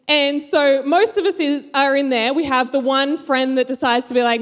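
Animated young woman telling stories. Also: high voice, normal speed. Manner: animated storyteller who acts out her friends' voices. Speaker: speaker. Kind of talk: storytelling talk to a live audience. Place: large hall with an audience. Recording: long hall reverb.

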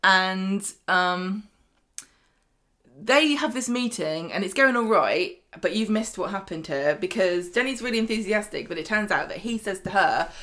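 A woman co-hosting a casual chat, retelling soap scenes with lively quoted voices. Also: mid-range voice, unhurried. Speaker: podcast co-host.

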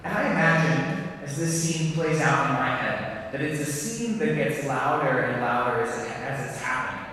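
A man preaching a sermon in a measured way, asking his listeners direct questions. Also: medium pitch, fairly bright tone, slight background noise. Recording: echoey hall, voice from a far mic.

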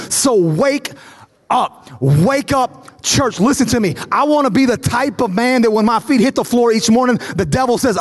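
A man's voice: extremely high pitch, expressive, normal speed. A male pastor in his thirties preaching a sermon to a church, building to fervent repetition and acting out stories with voices. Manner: storytelling, acting out dialogue. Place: large church auditorium. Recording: long reverb of a large hall.

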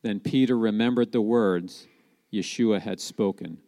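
A man giving a sermon as a Messianic preacher, telling the story in a lively way and asking rhetorical questions. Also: on the low side, measured pace, in a large hall.

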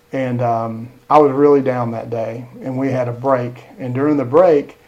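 A middle-aged man, a school superintendent telling lively stories in a podcast interview. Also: mid-range voice, gravelly, rough recording. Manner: animated storyteller, acts out quoted dialogue.

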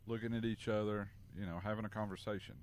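A man's voice: fairly low pitch, level tone, quick pace, a little mellow. A man co-hosting a podcast in casual chat, easygoing and self-deprecating. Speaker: podcast co-host and interviewer.

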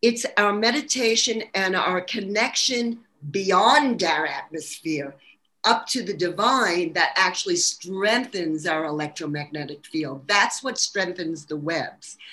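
A woman's voice: fairly low pitch, fairly bright tone. A woman from Brooklyn with a New York accent, talking earnestly about spirituality and health in a casual interview, with frequent restarts. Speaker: holistic practitioner guest.

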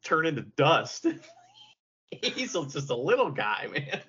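A man's voice: on the high side, sing-song, measured pace, a bit bright, slightly rough. A man co-hosting a podcast, recapping in a rambling, enthusiastic way with many fillers, on slightly dull lo-fi audio. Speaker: podcast co-host. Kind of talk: casual wrestling recap.

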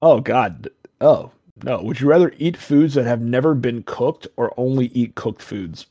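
A man's voice: mid-range voice, unhurried, warm tone, slightly rough, no echo, clean studio sound. A man hosting a podcast, chatting casually in a rambling, joking way and swearing often. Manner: rambling, swears a lot, jokey asides. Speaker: podcast host.

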